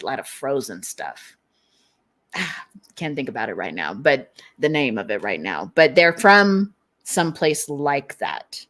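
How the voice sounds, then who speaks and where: A woman giving a casual collective tarot reading, rambling, often laughing and trailing off while she searches for words. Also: deep voice. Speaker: tarot reader. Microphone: streaming setup.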